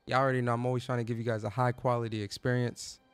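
Man, gaming streamer, slang-heavy live chat, mid pitch. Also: level tone, rapid-fire, clean tone, dry recording, soft background music. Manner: casual, slangy, greeting viewers by name. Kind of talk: live let's play commentary.

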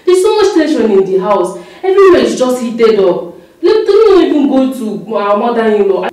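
Fed-up woman begging on the phone, high voice jumping all over, big echo, far away. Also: sing-song, normal speed, dark tone. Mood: exasperated. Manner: pleading, exasperated, repeats herself. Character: pleading young woman arguing with a relative on the phone. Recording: very echoey room from a distance.

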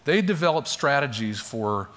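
A man of medium pitch teaches a class through a parable, his voice expressive, a bit bright and at a normal speed. The recording carries long hall reverb, and he tells the story conversationally, performing the quotes.

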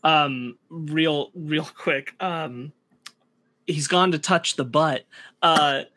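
A man with a somewhat high voice chatting on a casual podcast. He moves the conversation along, relaxed and quick to laugh. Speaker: podcast co-host. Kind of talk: casual chat.

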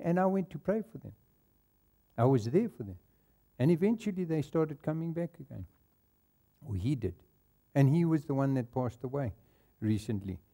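South african pastor guy preaching in church, warm mellow voice, chuckles through his own stories. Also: mid-range voice. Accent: South African English. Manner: storytelling, laughing at his own anecdotes. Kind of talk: sermon.

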